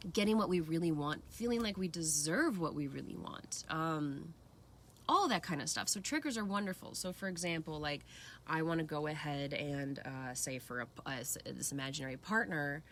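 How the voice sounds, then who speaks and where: A woman with a lowish voice speaks in an earnest, casual, reflective way. She talks expressively and now and then acts out her own inner voices. Faint noise hums behind her. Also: fairly bright tone. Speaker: speaker sharing personal practice. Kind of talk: casual reflective talk to camera.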